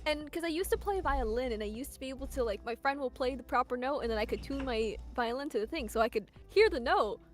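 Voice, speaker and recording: A woman with a high voice talks through her singing, rambling and chatty, laughing easily. Music plays faintly behind her. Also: animated, fast, few pauses. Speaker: vtuber student. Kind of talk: casual chat in a vocal lesson.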